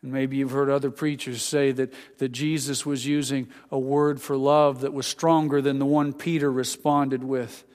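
Male preacher, mid-pitched, storytelling sermon, hushed then rising, long hall reverb. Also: little pitch movement, normal speed, hardly any pauses. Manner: storytelling, acts out voices of scripture figures; drops to a quiet hush for intimate lines, rises for emphasis.

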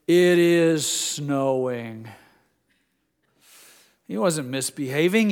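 A man's voice: high voice, long reverb tail. An older man, a pastor, preaching a sermon in a church and putting questions straight to his congregation. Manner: earnest, asks the congregation questions directly. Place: church sanctuary.

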